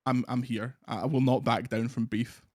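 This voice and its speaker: A Scottish man chatting casually as a guest co-host, swearing freely and laughing through his jokes. His voice sits at an ordinary middle pitch. It comes across dry and close, with no room sound. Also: fairly even intonation, darkish tone, no room sound. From Scotland. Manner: talks in quick put-on voices to mock people. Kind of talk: casual chat.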